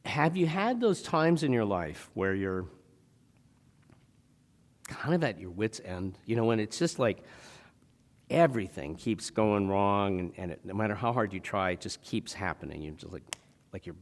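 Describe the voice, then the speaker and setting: A man's voice: fairly low pitch, very animated, moderate pace, in a large hall. A man preaching a sermon in a church, talking conversationally and asking the congregation rhetorical questions. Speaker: pastor. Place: church sanctuary.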